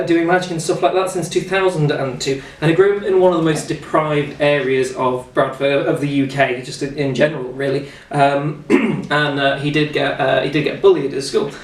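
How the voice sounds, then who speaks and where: Brief: English male host, slightly high voice, chatty and rambling, recorded off-mic in an echoey room. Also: distant mic. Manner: chatty, rambling, many fillers. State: slightly out of breath. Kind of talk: casual chat and card trick demo. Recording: roomy echo, off-mic, faint noise.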